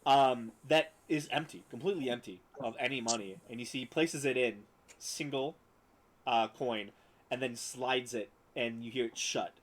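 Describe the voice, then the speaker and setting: A man narrates a tabletop game as game master, describing scenes at length. His voice sits at a middling pitch, and his delivery is loose, with frequent fillers. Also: moderate pace, slight background noise, poor audio.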